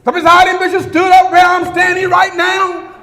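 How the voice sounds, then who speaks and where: High-pitched whooping preacher in a reverberant church. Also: male voice, completely flat delivery, moderate pace. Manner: builds to shouted, chanted crescendos with a singing preacher's cadence. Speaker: pastor delivering a eulogy. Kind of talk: eulogy sermon with whooping sung cadence. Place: large church sanctuary before a congregation. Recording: long church reverb with organ and congregation.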